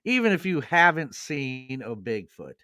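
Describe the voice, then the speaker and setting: Bright-voiced man chatting on a video call. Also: medium pitch, sing-song, a little slow, slight background noise. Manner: short agreeing replies. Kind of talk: casual chat on a video call.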